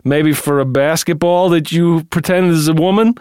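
A man plays a brash restaurant pitchman who keeps drifting into absurd tangents. His voice is fairly high, smooth and resonant, caught in a close, dry recording. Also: moderate pace, darkish tone, dry recording, close to an everyday voice. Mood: rambling. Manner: rambling, tangent-prone, laughing. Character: brash male restaurant promoter, rambling brother. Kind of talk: improvised comedy commercial.

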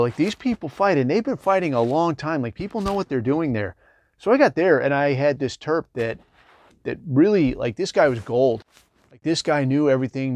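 A middle-aged man spins a loose, wandering yarn from his service days. He talks in an easy, chatty way, full of fillers and side tangents, and his voice sits at an ordinary middle pitch. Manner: rambling, digressive, conversational with lots of fillers. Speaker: military veteran storyteller. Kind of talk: casual anecdotal storytelling.

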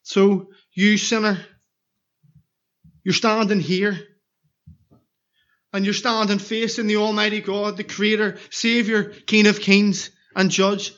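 Earnest high-voiced preacher. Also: male voice, little pitch movement, takes it slowly, long pauses, fairly bright tone, lo-fi sound. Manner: earnest, repeated pleading questions. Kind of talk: evangelistic sermon.

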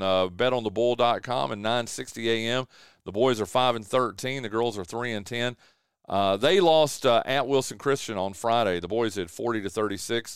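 A man hosting a local sports radio show, running through scores and team records with many fillers and quick self-corrections. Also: medium pitch, clean tone, no echo, studio quality.

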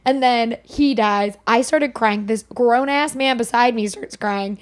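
Higher-voiced woman telling a lively story. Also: unhurried. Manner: lively, rambling, acts out quotes. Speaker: podcast co-host. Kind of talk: casual storytelling.

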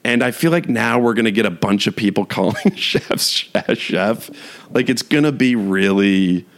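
A man's voice: on the low side, moderate pace. Rambling man in a casual rant. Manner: rambling, lots of "like" fillers and restarts, laughs while talking; mocking, exasperated rant. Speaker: podcast host. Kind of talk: casual solo chat.

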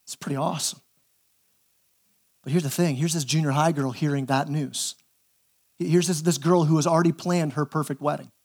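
High-voiced pastor preaching with animated energy. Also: male voice, moderate pace, long pauses. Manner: animated, acts out quoted voices, repeats words when starting phrases. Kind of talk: sermon.

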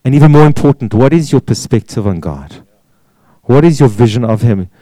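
A man's voice: medium pitch, expressive, a little fast, mellow, dry recording, poor audio. A man preaching a sermon, pressing points with repeated words and rhetorical questions. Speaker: pastor.

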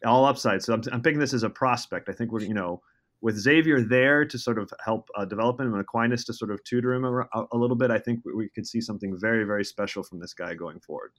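A man's voice: lowish voice, fast talker. A man co-hosting a podcast, wry and hesitant, with dry humor. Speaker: podcast co-host. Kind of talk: casual chat.

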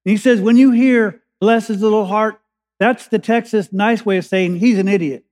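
High-voiced preacher in an echoey hall. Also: male voice, steady tone, darkish tone. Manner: preaches with slow emphatic pauses and rising urgency. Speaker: pastor. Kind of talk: sermon. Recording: echoey hall with long reverb.

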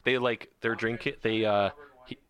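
A man co-hosting a podcast in casual chat, rambling and halting with many fillers. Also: lowish voice, fairly even intonation, crowd noise. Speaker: podcast co-host.

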